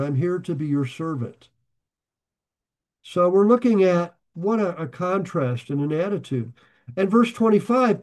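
Casual preacher, male, high voice, reads verse then riffs on it with jokes. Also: a little mellow. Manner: reads scripture aloud, then explains it in a loose joking aside. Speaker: Bible teacher. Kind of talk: conversational Bible study sermon.

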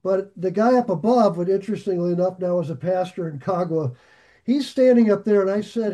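A man leads a Bible study and tells a rambling anecdote, chuckling along the way. His voice sits fairly high yet sounds mellow and warm. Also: fairly quick. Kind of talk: casual storytelling.

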